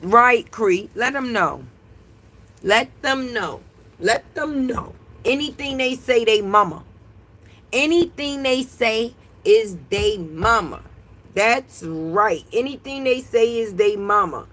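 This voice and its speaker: A woman's voice: fairly high pitch, lively intonation, takes it slowly, fairly bright tone. A woman hosting a casual livestream from her porch, brash and profane, scolding her chat. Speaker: livestream host. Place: porch outdoors.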